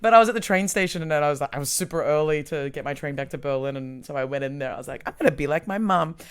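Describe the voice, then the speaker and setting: A woman's voice: low-pitched, fairly even intonation, racing, smooth. A woman co-hosting a comedy podcast, talking in a playful, chatty way full of fillers. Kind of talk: casual chat.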